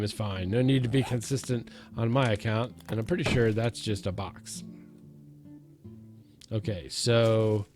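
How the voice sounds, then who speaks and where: A man hosting a let's-play, giving jokey, self-mocking commentary as he talks to himself and the zombies in the game. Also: fairly low pitch. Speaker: gaming let's-play host. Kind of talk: casual gameplay commentary.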